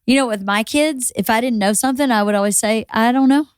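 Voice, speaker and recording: A woman's voice: fairly high pitch, fast, clear, resonant tone, dry recording. Middle-aged Southern woman, dry studio sound. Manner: relaxed, reassuring, storytelling. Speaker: podcast host. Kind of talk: casual chat.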